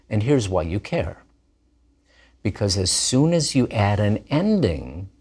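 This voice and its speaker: Slow, animated man teaching. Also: lowish voice. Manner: animated, plays with vowel sounds. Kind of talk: scripted lesson narration.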